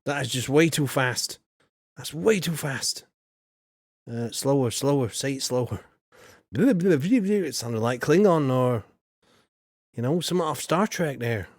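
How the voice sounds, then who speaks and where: A man's voice: mid-range voice, a little slow, pauses often, dry recording. Chatty male streamer, dry close mic. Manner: rambling, chatty, greets viewers by name. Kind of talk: casual gameplay commentary.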